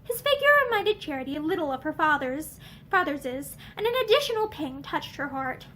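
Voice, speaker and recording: A woman reading a novel aloud with expressive, animated narration. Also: high voice, a little fast, a little hiss or hum. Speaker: audiobook reader.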